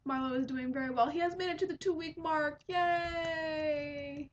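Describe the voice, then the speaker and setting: A woman's voice: high-pitched, fast talker, a little hiss or hum. A woman in her twenties hosting a podcast, chatting in a rambling way with lots of ums. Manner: rambling, chatty, many fillers. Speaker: podcast host. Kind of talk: casual chat. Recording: dull lo-fi home recording.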